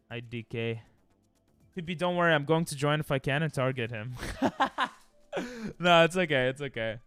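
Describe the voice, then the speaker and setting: Brief: male streamer, bouncy lively pitch, playful chat to viewers, faint music underneath. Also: clean tone, no room sound. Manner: excitable, playful, bursts into loud squeals. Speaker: livestreamer.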